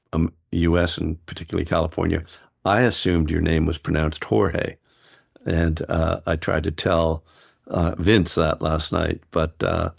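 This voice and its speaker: Deep, gravelly-voiced male meditation teacher. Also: dry recording, studio quality. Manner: relaxed and discursive, laughs easily. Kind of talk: dharma talk and chat.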